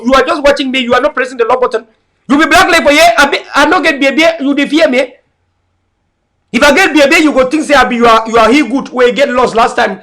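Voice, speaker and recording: A very high-pitched, bright and forceful male voice with a Cameroonian English accent that slides into Pidgin. He talks in an impassioned, mocking commentary style and hammers his points through repetition. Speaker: political commentator.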